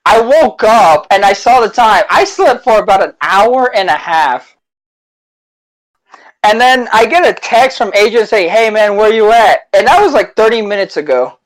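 A man co-hosting a podcast, telling stories in casual chat with a relaxed, self-deprecating manner. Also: high-pitched, moderate pace, low-quality recording. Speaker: podcast co-host.

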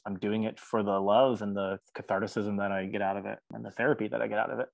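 A man with a lowish voice chats as a musician guest on a podcast. He talks earnestly and easily, breaking into laughter now and then. The recording is dry and close, with no room sound. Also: flat delivery, quick pace, creaky, no echo. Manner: earnest, chatty, laughs often. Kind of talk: casual interview chat.

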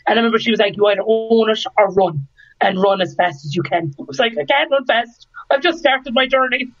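A young Irish woman appears as a podcast guest, her voice fairly high and brisk on a muffled recording. Lively and animated, she tells a story in casual chat and acts out the voices of the people in it.

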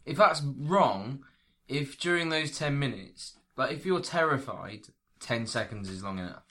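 A man in a casual podcast chat, speaking hesitantly with many halting fillers. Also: mid-range voice, animated, a bit bright.

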